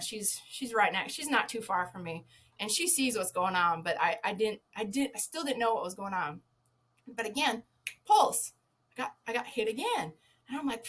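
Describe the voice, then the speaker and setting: A woman's voice: medium pitch, a bit bright. A woman guest on a podcast, a former zookeeper telling a casual anecdote, swearing freely and laughing often.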